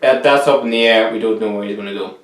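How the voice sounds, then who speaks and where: A man's voice: on the low side, fast talker, reverberant, far from the mic. A man chatting casually to viewers about football transfers, joking as he goes. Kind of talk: casual football commentary vlog. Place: room cooled by two big fans.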